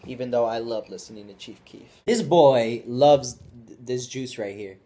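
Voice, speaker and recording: A man's voice: medium pitch, moderate pace, warm tone. A young man vlogging casually, joking around and baby-talking to his puppy, now and then slipping into Spanish phrases. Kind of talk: casual vlog chat.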